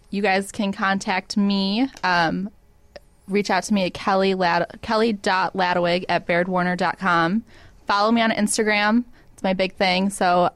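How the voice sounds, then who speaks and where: A woman's voice: mid-range voice, fairly bright tone, no room sound. Young woman, chatty storyteller, casual talk, lots of fillers, dry close mic. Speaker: guest, real estate agent. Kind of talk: casual chat.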